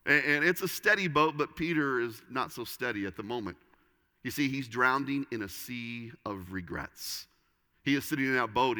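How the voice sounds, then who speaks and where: A man preaching a sermon, swinging between loud emphasis and hushed, quiet lines. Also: mid-range voice, long reverb tail. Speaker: pastor.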